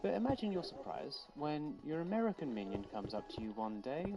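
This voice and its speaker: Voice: mid-range voice, big pitch swings, fairly quick, muffled recording, over music. A narrator telling a sarcastic, casual commentary who swears and puts on character voices. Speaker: video essay narrator.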